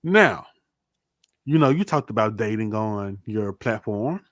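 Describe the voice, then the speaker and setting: A man's voice: lowish voice, animated, measured pace, a bit bright, no echo, clean studio sound. A man hosting a podcast in casual chat, playfully running through a list with mock-serious verdicts. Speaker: podcast host.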